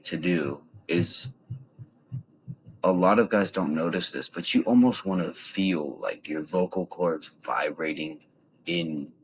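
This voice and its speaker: A young man giving casual voice tips in a relaxed, rambling way with lots of fillers. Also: low-pitched, slight background noise, low-quality recording. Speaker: voice tips vlogger. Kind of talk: casual instructional talk.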